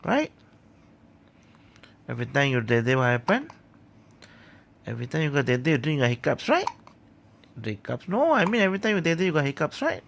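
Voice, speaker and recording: A woman's voice: low-pitched, very animated, normal speed, creaky, long pauses, a little hiss or hum. A woman filming her baby on a handheld phone at home, cooing soothing, repetitive baby talk.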